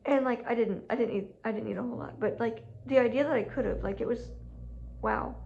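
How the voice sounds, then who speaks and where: Brief: woman vlogger, rambling casual chat full of "like", higher voice, dull lo-fi sound with faint hum. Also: a little fast, vocal fry. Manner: chatty, heavy use of "like", laughs often. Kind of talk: casual storytelling vlog. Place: home room with furnace running.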